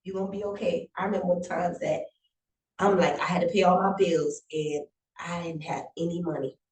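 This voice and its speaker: A woman, a chef and business owner, telling her story as an interview guest in a lively, heartfelt way and acting out the voices of the people she quotes. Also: fairly low pitch, normal speed. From South Carolina Lowcountry. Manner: animated, acts out quotes, emotional and grateful. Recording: echoey room, voice from a distance.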